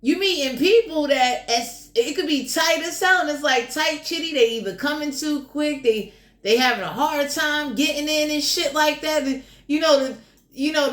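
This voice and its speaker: A woman's voice: high-pitched, moderate pace, a bit bright, roomy sound. A woman giving a casual general tarot reading in a blunt, crude, joking way, swearing freely. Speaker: tarot reader.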